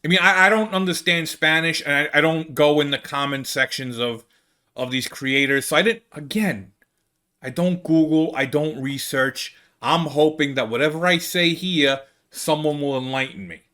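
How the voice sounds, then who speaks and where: A comedian podcast host from the United States, with a Brooklyn accent, delivers a casual comedy monologue, rambling and exasperated with lots of restarts. His voice is on the high side, bright and forceful, at normal speed.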